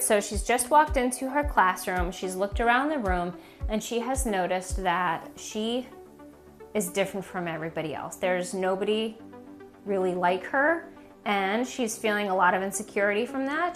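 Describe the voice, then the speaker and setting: A woman giving a casual video lesson on reading a children's book, chatty and full of fillers. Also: medium pitch. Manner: casual, conversational, many fillers like "like" and "um". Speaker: reading teacher.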